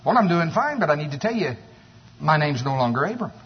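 A man playing an aged patriarch who calmly insists on his new name. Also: on the high side, brisk. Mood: solemn. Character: aged patriarch Abraham, calm and certain. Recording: echoey hall, dull sound.

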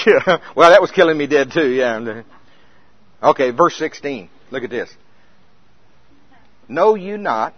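An older man preaching with lively storytelling, his voice a touch high for a man. The recording is dry and a bit muffled, with little room sound. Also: no echo. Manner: animated storytelling, acts out scenes. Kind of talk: sermon. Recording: dull lo-fi recording.

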